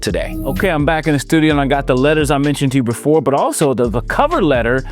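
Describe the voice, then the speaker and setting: A man's voice: mid-range voice, lively intonation, fast, soft background music. A man from California, a motivational speaker telling a story to students in a casual, playful way, sometimes slipping into a sing-song delivery.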